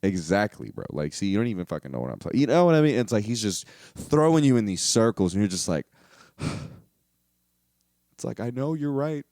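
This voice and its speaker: A man's voice: on the low side, fairly quick, no echo, clean studio sound. A man hosting a podcast, rambling through a casual comedic monologue full of swearing and filler words. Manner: profane, animated, heavy on filler words. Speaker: podcast host.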